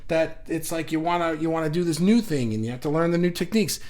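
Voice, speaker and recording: A middle-aged man hosting a casual livestream, reading out viewer comments in an energetic, animated way, often restarting his sentences. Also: fairly high pitch, fast talker. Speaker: livestream host.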